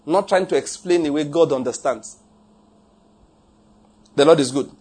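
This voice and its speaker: A man's voice: a little high, a little slow, a little mellow, slightly rough. A man preaching a sermon in a jokey, emphatic way, laughing at his own points and repeating lines for effect. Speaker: pastor.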